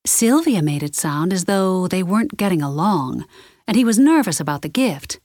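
A woman narrating a novel in a measured, expressive reading voice. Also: lowish voice, no echo, clean studio sound. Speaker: audiobook narrator. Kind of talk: scripted narration.

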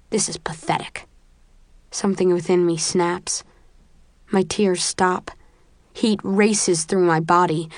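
Slow low-voiced woman narrating. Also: no room sound, clean studio sound. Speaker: audiobook narrator. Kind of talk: first-person scripted narration.

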